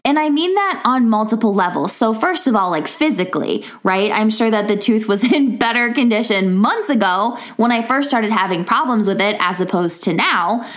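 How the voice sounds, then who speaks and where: A woman in her thirties hosts a podcast and delivers a casual pep talk from home. Her voice sits a bit high. She is chatty, laughs often and fills her sentences with "like". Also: expressive, normal speed, few pauses. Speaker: podcast host. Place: home in a rural area.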